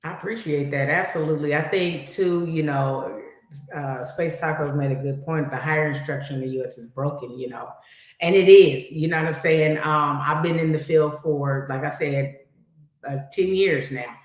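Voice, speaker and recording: A woman with a slightly low voice speaks as a podcast guest, conversational and reflective, sprinkling in "you know". Her voice rings out in a very echoey room. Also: normal speed. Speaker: podcast guest, cybersecurity professional. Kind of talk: casual chat.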